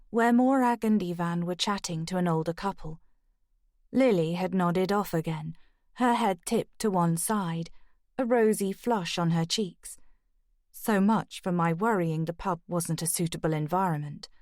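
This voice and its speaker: A woman narrating a first-person mystery audiobook in a steady, even manner. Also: fairly low pitch, measured pace, no room sound, clean studio sound.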